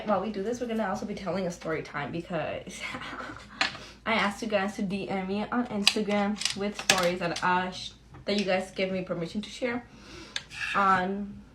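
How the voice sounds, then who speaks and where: In a mid-range voice over very noisy audio, the young beauty vlogger tells a storytime while getting ready. Her tone with viewers is casual, slangy and friendly.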